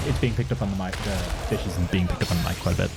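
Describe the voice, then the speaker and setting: Low, monotone male game streamer. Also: racing, vocal fry. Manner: self-described monotone, dry and offhand. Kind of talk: casual live-stream gameplay commentary. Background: game music.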